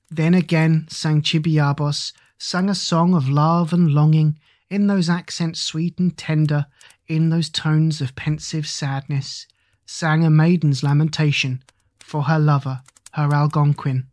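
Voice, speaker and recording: An audiobook narrator reading epic verse in an even, rhythmic chanting cadence. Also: mid-range voice, unhurried, no room sound.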